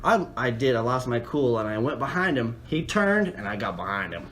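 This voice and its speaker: Animated podcast regular, very lively pitch, faint noise behind. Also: male voice, fairly quick. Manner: lively, swings pitch when quoting others. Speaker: podcast co-host. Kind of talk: casual chat.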